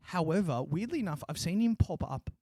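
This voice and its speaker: A man co-hosting a casual motorsport podcast, animated, laughing often and swearing freely. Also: on the high side, brisk, dry recording, studio quality. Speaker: podcast co-host. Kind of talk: casual sports chat.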